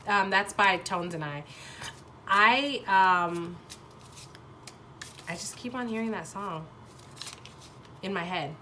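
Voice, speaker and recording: A young woman with a nasal voice from a sinus infection, giving a casual tarot reading and often pausing and restarting as she searches for words. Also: mid-range voice, lively intonation, bright, forceful tone, a little hiss or hum. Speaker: tarot reader.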